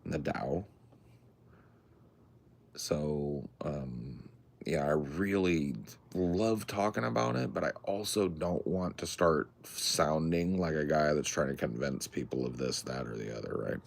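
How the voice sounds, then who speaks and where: A man's voice: extremely low pitch, a little slow, gravelly, a little hiss or hum. A man co-hosting a podcast in casual, profane, rambling chat, talking from his home in the woods at night. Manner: laid-back, profane, rambling. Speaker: podcast co-host.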